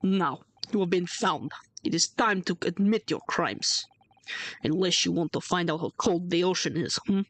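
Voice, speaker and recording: A woman voicing a stern male Russian ship officer in a put-on Russian accent, gruff and accusing in broken English. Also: on the low side, normal speed.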